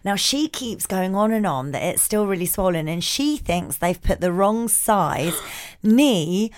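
A woman's voice: medium pitch, lively intonation, measured pace. A woman co-hosting a podcast in casual chat, blunt and chatty, swearing freely. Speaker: podcast co-host.

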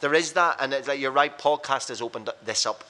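Fast-talking bright-voiced man telling stories. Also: mid-range voice. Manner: rapid, anecdotal, blunt and self-mocking. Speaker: radio presenter and podcast guest. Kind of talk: casual storytelling chat.

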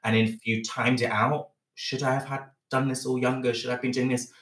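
A man's voice: medium pitch, level tone, brisk, a bit bright, echoey room, recorded from a distance. A man, from Bristol, telling frank, self-mocking stories as a podcast guest. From Bristol, England. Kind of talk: candid storytelling chat.

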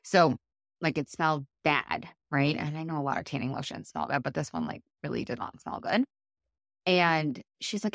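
Low-pitched woman in her 30s, chatty solo podcast host, dry close mic. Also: normal speed, no echo. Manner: chatty, animated, often adds "right?". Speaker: podcast host and life coach. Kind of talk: casual solo podcast coaching talk.

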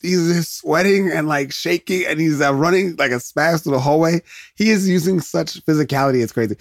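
A man's voice: fairly high pitch, dry recording, studio quality. A man hosting a podcast, giving rambling solo commentary on a movie as he watches. He laughs often and interrupts himself. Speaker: podcast host. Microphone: close podcast mic.

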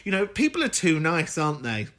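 A woman's voice: low voice, huge pitch swings, brisk, a bit bright. A woman hosting a podcast, chatting casually about listener messages, swearing freely and laughing often. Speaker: podcast host.

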